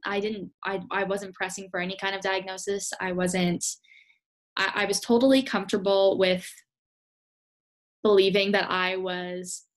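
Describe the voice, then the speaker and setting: A young woman with a mid-range voice talks openly as a podcast guest. Her speech is relaxed and candid, and she often starts sentences over. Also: mid-range voice, moderate pace. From Canada. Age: young adult. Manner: relaxed, candid, with fillers and restarts. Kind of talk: casual interview.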